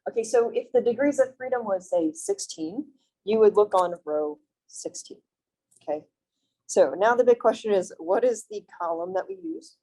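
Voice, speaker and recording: Young female instructor, warm mellow tone, friendly classroom lecture, reassuring check-ins. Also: medium pitch, lively intonation, normal speed, low-quality recording. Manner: friendly, reassuring, asks frequent check-in questions. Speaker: math instructor. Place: classroom, also streamed on video call.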